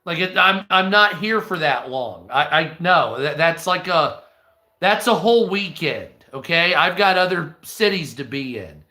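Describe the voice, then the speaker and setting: Man, casual livestream host, profane, rambling storyteller, bright voice, echoey room. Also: fairly high pitch, expressive, unhurried. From United States. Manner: profane, storytelling, talks to chat.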